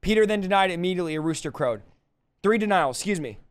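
Man, Bible teaching, colloquial, animated paraphrasing, high-pitched. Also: fast, smooth. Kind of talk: casual verse-by-verse Bible teaching. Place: livestream.

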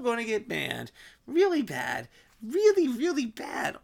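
A man rambling in a casual vlog monologue, swearing and cutting himself off, in an unusually high, strained voice. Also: huge pitch swings, a little slow, creaky, slightly rough. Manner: rambling, swearing, self-interrupting. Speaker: vlogger.

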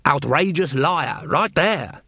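A man doing a deadpan dwarf rogue, slow and dry. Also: a little high, slightly rough, no room sound, full character voice. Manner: slow, dry, matter-of-fact. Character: roguish male dwarf adventurer, deadpan.

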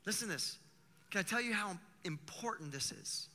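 A man preaching a sermon as pastor, talking in an animated, conversational way with vivid everyday examples. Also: high-pitched, moderate pace, big-room sound.

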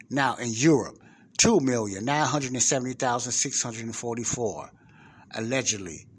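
A man's voice: on the low side, husky. A man hosting a podcast, reading out figures emphatically and putting questions straight to the listener. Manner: emphatic, repeats numbers and asks the listener directly. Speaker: podcast host. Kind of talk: commentary over a played clip.

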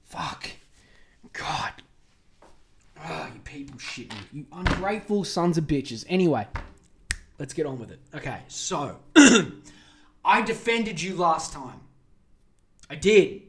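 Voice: medium pitch, lively intonation, unhurried. Profane ranting podcast host. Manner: profane, sarcastic, exasperated ranting. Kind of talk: solo podcast rant.

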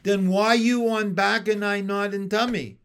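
A man voicing a stubborn, defiant young male frog who speaks loudly in slow, broken phrases. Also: high voice, steady tone, clear, resonant tone, pitched above the performer's own voice. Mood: taunting.

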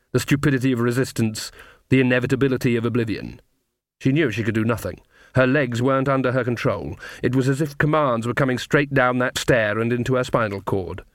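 Male audiobook narrator, measured, mid pitch, dry close sound. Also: no room sound. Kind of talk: scripted narration.

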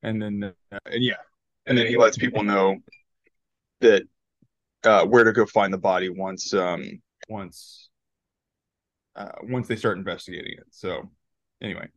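Guy co-hosting a movie podcast, kinda low voice, rambles and laughs a lot, dry close mic. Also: steady tone, unhurried, pauses often, dry recording, muffled recording. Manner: rambling, laughs often, many restarts. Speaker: podcast co-host. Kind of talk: casual movie-review chat.

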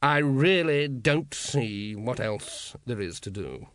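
A man's voice: medium pitch, animated, takes it slowly, fairly bright tone, no echo. A man voicing a cold, brusque city ruler who speaks in clipped, firm tones.

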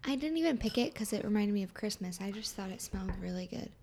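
A woman co-hosting a faith podcast in casual chat, upbeat and quick to laugh. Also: mid-range voice, expressive, a little mellow, a little hiss or hum. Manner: giggly, upbeat. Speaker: podcast co-host.

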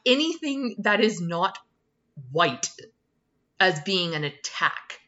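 A Canadian woman co-hosting a casual podcast chat, sarcastic and quick to laugh. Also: fairly low pitch, very animated, sharp tone, muffled recording. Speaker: podcast co-host.

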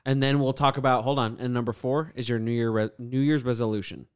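A young man hosting a casual podcast chat, relaxed and rambling with lots of fillers. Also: medium pitch, fast talker, smooth, dry recording, clean studio sound. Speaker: podcast host.

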